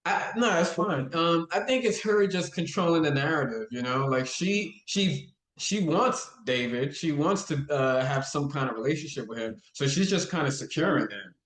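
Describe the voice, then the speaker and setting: A guest host chatting casually about a soap opera, relaxed and a bit hesitant. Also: mid-range voice, moderate pace, hardly any pauses, reverberant. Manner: relaxed, hesitant, trails off with fillers. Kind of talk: casual chat.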